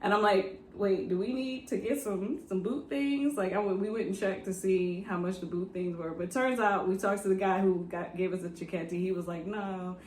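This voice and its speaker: Chatty mellow-voiced woman in a roomy space. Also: medium pitch, moderate pace, hardly any pauses, a little hiss or hum. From San Francisco, USA. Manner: animated, chatty, acts out the people she quotes. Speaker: travel vlogger. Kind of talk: casual storytelling chat. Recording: roomy echo with faint music.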